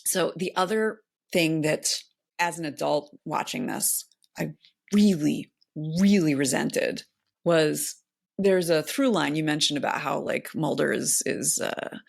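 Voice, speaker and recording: A woman with a low, gravelly voice co-hosts a casual podcast. She talks in a loose, thoughtful ramble with lots of fillers and restarts. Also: a little slow. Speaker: podcast co-host. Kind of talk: casual chat.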